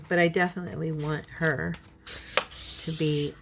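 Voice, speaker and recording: A woman hosts a relaxed crafting tutorial from her home craft table, chatting along and talking to herself as she works. Her voice sits a little low and has a gravelly fry, with a frog in her throat that keeps her clearing it. A faint hiss sits under the recording. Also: takes it slowly. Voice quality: chatty, talks to herself while working. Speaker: craft channel host. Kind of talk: casual crafting tutorial chat.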